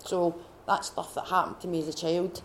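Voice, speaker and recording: A Scottish woman at a faith retreat, sharing her personal testimony in a heartfelt, halting way with many restarts. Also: on the low side, level tone, slight background noise. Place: retreat gathering room.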